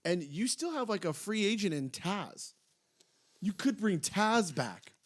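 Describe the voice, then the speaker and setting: A young man co-hosting a casual wrestling podcast, excitable, his voice jumping up when he retells funny moments. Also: sits high, measured pace. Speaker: podcast co-host. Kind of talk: casual chat.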